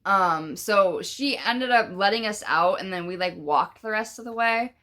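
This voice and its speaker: A woman's voice: mid-range voice, a little slow, bright, forceful tone. A young woman telling a rambling storytime at home, swearing casually and filling her talk with "like" and "bruh". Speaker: vlogger. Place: at home, indoors.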